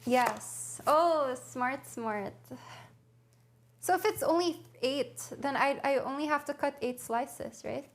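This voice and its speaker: Speaking a little slowly with few pauses, a young woman with a high voice livestreams from her home kitchen. She chats casually and thinks aloud while reading her viewers a recipe.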